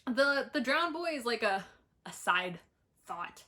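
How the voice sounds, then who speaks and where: A young woman reviewing books she disliked, talking bluntly, swearing and laughing between animated outbursts. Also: on the high side, takes it slowly. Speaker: book vlogger. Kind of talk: ranting book review.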